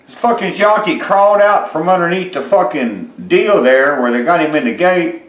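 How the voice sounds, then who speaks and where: A middle-aged man hosting a home cooking vlog, chatting in a rambling, folksy way, swearing freely and filling pauses with lots of uhs. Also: fairly high pitch, fairly bright tone. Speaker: home cooking show host. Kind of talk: casual cooking vlog chat. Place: home kitchen. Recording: roomy echoey kitchen sound.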